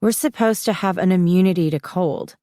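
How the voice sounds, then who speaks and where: A woman's voice: lowish voice, a little fast, mellow, no echo, close to an everyday voice. A woman voicing an earnest, bookish teenage girl who speaks a little sheepishly, in a dry, close studio read.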